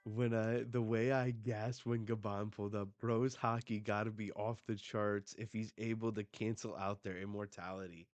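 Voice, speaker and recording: A man hosting a live manga reaction, excitable and full of casual slang and swearing. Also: on the low side, normal speed, few pauses, dry recording. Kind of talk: live reading and reaction commentary.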